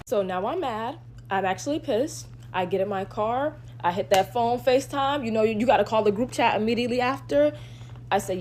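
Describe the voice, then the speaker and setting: A young woman recounts a storytime in a casual, slangy way, exasperated and animated. Her pitch swings widely as she talks into a phone. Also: fairly quick, slight background noise.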